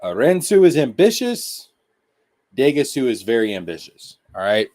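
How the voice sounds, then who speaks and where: A man hosting a casual live-stream anime review, talking excitably in slang and repeating his points. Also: mid-range voice, normal speed.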